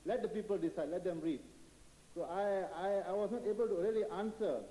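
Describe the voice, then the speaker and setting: A man in the audience hesitantly asks the lecturer a question, halting often and restarting. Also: high voice, steady tone, warm tone. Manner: halting, many fillers and restarts. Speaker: audience member asking a question. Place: large auditorium. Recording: echoey hall.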